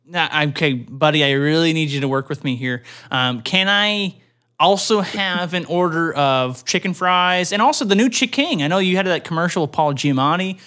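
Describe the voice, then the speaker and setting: A pushy customer phones in an order, stumbling over his words while insisting he is right, as a man plays him. The voice is bright and swings widely in pitch. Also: lively intonation, moderate pace. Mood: insistent. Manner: hesitant, insistent.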